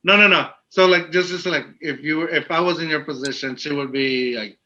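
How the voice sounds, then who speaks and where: A man co-hosting a laid-back podcast, talking in loose, rambling sentences full of fillers. His voice is bright and forceful. The audio is slightly muffled and lo-fi. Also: on the high side, fairly even intonation, brisk, slight background noise. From Texas. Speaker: podcast co-host. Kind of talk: casual podcast interview.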